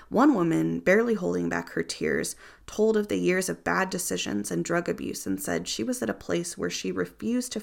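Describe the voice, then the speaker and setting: A woman's voice: fairly low pitch, gravelly. A woman narrating a nonfiction audiobook in the first person, earnest and reflective.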